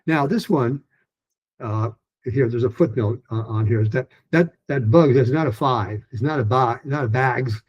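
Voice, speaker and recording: Husky, mellow-voiced male teacher. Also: normal speed, lo-fi sound. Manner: chatty, with many restarts and fillers; breaks into lively, higher-pitched drills of practice sentences. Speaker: pronunciation teacher. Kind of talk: recorded lesson.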